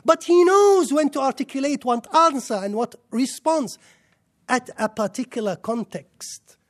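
Unhurried yet very high-pitched, an Islamic lecturer gives a fervent religious talk before a live audience. He grows excitable and keeps firing rhetorical questions at the crowd.

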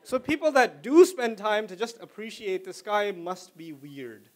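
A man giving a religious talk to a young audience, telling stories with big swings from quiet to loud and asking listeners questions. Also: high voice, a little slow. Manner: animated storyteller with wide swings in loudness; conversational, asks listeners questions. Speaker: Islamic lecturer.

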